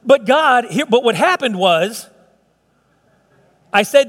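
High-voiced pastor preaching in a reverberant church. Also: male voice, lively intonation, takes it slowly, long pauses, a bit bright. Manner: conversational, playful asides with many restarts. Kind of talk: sermon.

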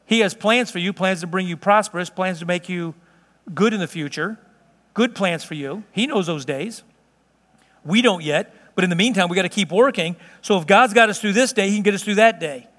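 A man's voice: sits high, a little fast, fairly bright tone, in a large hall. A middle-aged man preaching a sermon in a conversational, storytelling way to a congregation. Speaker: pastor. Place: church hall.

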